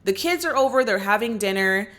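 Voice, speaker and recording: Woman, film reviewer, casual recap, chatty, mid-pitched voice. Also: lively intonation, a little fast, fairly bright tone. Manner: chatty, many fillers and asides.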